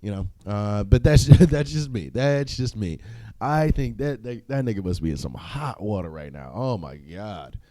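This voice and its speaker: A man's voice: on the low side, lively intonation, normal speed, warm tone, no echo. A young man hosting a solo podcast, talking casually in a profane, rambling way, with frequent laughs and filler words. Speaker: podcast host.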